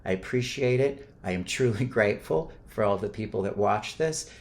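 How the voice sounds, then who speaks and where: A man's voice: fairly low pitch, lively intonation, moderate pace. Earnest man coaching on emotions. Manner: earnest and coaching, gets loud and playful when swearing. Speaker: self-help vlogger. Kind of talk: reflective solo talk to camera.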